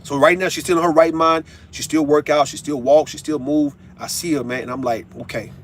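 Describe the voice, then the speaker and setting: A man's voice: on the high side, steady tone, brisk, a little hiss or hum. A middle-aged man in an emotional, profane monologue who stumbles and repeats words as he opens up. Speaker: vlogger. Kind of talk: emotional monologue while driving.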